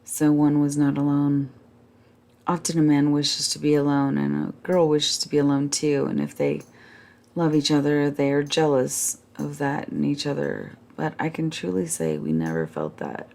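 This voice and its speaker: A woman reading a classic novel aloud as a calm, measured bedtime story. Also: low voice, gravelly.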